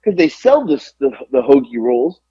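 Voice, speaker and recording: A man's voice: mid-range voice, normal speed, breathy edge, dull audio. A man co-hosting a podcast, telling a long exasperated story full of swearing. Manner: animated, profane, exasperated ranting. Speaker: podcast co-host. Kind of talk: casual storytelling rant.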